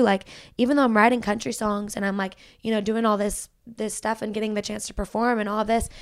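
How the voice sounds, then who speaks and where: A woman's voice: mid-range voice, clean tone, dry recording, studio quality. A young woman, a podcast guest and country singer, talking earnestly about her faith and saying "like" a lot. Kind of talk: casual faith conversation.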